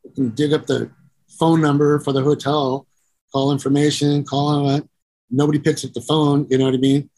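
A man's voice: a little high, little pitch movement, moderate pace, a little mellow. Profane rambling middle-aged man storyteller. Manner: rambling and profane, acts out voices, keeps saying "you know". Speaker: guest musician and producer. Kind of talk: casual storytelling interview.

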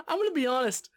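A man's voice: very high voice, a bit bright. A male podcast co-host ranting about sports in a fired-up, casual way. He swears often and keeps building on his own complaint.

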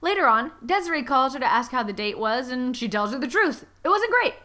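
A woman's voice: sits high, a little fast. A woman co-hosting a podcast, retelling a story and chatting with crude jokes. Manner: crude, joking, animated storyteller. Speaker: podcast co-host. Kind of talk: casual chat and reading aloud.

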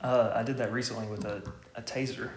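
A man of middle pitch who rattles off stories at a brisk clip. He swears casually as he talks. His voice rings in an echoey room. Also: slight background noise. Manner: quick, animated, profane anecdote telling. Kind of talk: casual chat.

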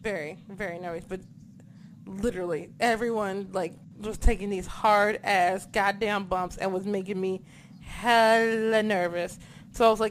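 A woman's voice: mid-range voice, fairly even intonation, a little slow, a little hiss or hum. A young woman co-hosting a casual wrestling chat, ranting animatedly and swearing often. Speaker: wrestling podcast co-host.

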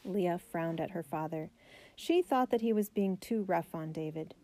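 A woman narrating a children's biography aloud, steady and gentle. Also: on the low side, moderate pace.

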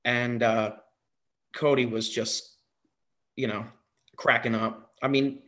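Excitable man telling a story. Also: medium pitch, slow pace. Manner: excited, repeats himself with fillers. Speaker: guest, wrestling impersonator. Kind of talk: casual storytelling.

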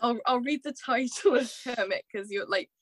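A woman's voice: on the high side, moderate pace, fairly bright tone, no room sound. A young woman co-hosting a podcast, reading quotes aloud with giggles and stumbles in casual chat.

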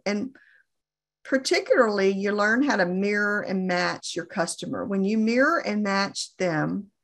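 A middle-aged woman coaching on phone sales in an earnest, deliberate way, often repeating herself for emphasis. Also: mid-range voice, a bit bright. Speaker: insurance sales trainer.

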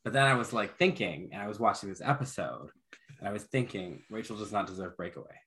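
A man with a fairly low voice that swings widely up and down as he talks. He recaps casually, full of "um" and quick laughs. It sounds like relaxed podcast banter. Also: slight background noise. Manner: animated, laughing recaps with many fillers. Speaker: podcast co-host. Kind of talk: casual chat.

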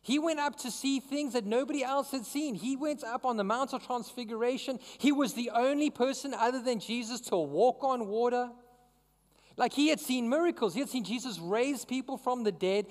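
High-voiced preacher in an echoing hall. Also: male voice, normal speed. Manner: conversational, asks the crowd questions. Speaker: pastor. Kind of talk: sermon.

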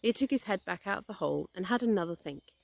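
A woman podcast host reading a children's story aloud, gentle and expressive. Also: mid-range voice, fast talker, gravelly, no echo. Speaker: podcast host and English teacher.

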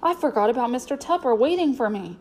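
A woman's voice: a little high, expressive, fast, a little mellow. A woman reading a shy, polite runaway boy. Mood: earnest. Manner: earnest, eager. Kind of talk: storybook reading.

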